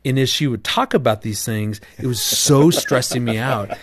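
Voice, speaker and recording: A middle-aged man telling a story in a casual interview, earnest and animated, often restarting his sentences. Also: mid-range voice, normal speed. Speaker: guest, marriage author.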